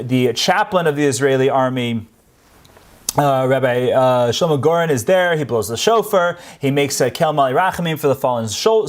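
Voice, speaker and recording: Male presenter, slightly higher-pitched voice, earnest off-the-cuff history storyteller. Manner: earnest storytelling, grows emphatic on key points. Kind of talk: unscripted history talk.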